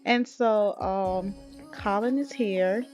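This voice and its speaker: A woman's voice: mid-range voice, slow pace, a little mellow. A woman narrating a life-sim game in a casual, chatty way, giggling as she gossips about her characters, with faint music behind. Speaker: gaming video creator. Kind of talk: casual gameplay storytelling.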